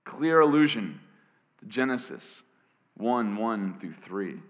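A man preaching a sermon as pastor, his voice hoarse, gravelly and scratchy from cheering, swinging between loud emphatic bursts and hushed lines. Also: on the low side, animated, slow pace. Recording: long reverb of a large hall.

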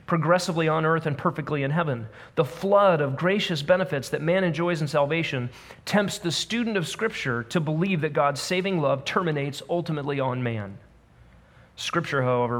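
A man delivers a sermon in a slightly raised voice, reading scripture and pressing his points with measured repetition. His voice rings out with a long reverb, as if filling a church hall. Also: a little high. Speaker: preacher.

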